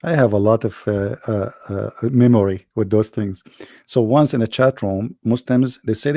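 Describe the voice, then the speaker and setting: A man's voice: on the low side, normal speed, warm tone, no echo, clean studio sound. A man hosting a livestream, telling mocking stories in a casual rant, often repeating his words and laughing. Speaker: livestream host debating callers.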